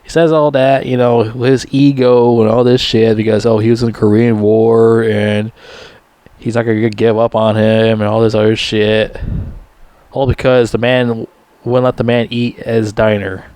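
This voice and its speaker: A man rambles through a film's plot in a loose, profane, casual way, cursing freely and laughing at his own jokes. His voice sits at an ordinary middle pitch. The sound is dry and close, with no room echo. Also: flat delivery, normal speed, darkish tone, clean tone. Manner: mimics characters in high squeaky voices. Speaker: movie reviewer. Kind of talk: casual rambling movie recap.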